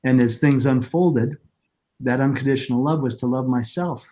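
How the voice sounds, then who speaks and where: A middle-aged man, a podcast guest, telling his personal story in an earnest, reflective, halting way. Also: mid-range voice, warm tone.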